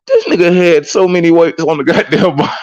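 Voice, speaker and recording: A man chatting casually as a streamer, excitable and profane with loud whoops. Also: on the high side, normal speed, no echo, lo-fi sound. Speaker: streamer reacting to clips. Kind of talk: casual reaction chat.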